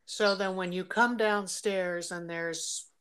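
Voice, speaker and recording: A middle-aged woman hosting a relaxed podcast conversation, speaking at an unhurried, drawn-out pace. Her voice sits a little low for a woman, and she is soft-spoken, laughing easily as she asks her questions. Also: clear, resonant tone. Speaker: podcast host. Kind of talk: casual interview chat.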